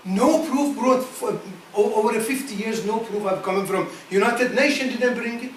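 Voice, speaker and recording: A man speaking to a gathering of scholars in broken English. He asks many rhetorical questions, repeats phrases, and chants quick Quranic verses in Arabic. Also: sits high, slight background noise. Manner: non-native broken English. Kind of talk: impassioned speech to an audience. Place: meeting hall at a community centre. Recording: echoey hall, voice from far off.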